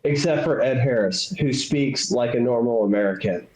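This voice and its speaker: A man's voice: medium pitch, moderate pace, darkish tone. A man co-hosting a movie podcast, joking and swearing freely in casual chat. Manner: blunt, swears a lot, jokey. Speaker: podcast co-host. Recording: echoey room.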